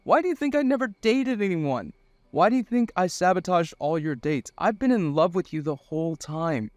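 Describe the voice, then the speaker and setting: A man voicing an earnest young male college student who talks fast and pleading in an audiobook story. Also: high voice, animated, no room sound, voice pushed up. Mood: tearful. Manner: pleading, rushed and breathless. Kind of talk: audiobook dialogue voice.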